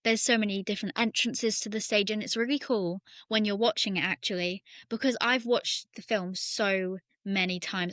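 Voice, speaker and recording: A woman's voice: mid-range voice, steady tone, moderate pace, hardly any pauses, a bit bright, no echo. Woman explaining things on a podcast. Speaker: podcast co-host. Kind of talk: casual chat.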